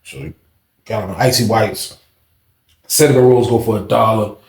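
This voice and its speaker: A man's voice: lowish voice, normal speed. A young man telling a story in casual, slangy talk, acting out the voices of others. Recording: roomy echo.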